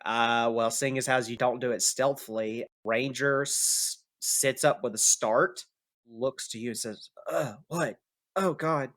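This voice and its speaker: A man's voice: mid-range voice, steady tone, unhurried, fairly bright tone. A man narrating as game master of a tabletop game, casual and hesitant with fillers.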